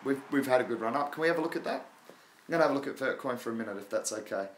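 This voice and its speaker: A man's voice: mid-range voice, animated, racing, slight background noise. Casual male livestream host, rambling and chatty, mid-range voice, laughs a lot.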